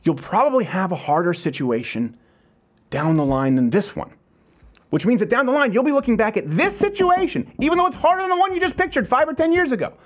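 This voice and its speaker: A man's voice: extremely high pitch, sing-song, a little fast. A man hosting a talk show, delivering an emphatic motivational monologue full of repeated phrases.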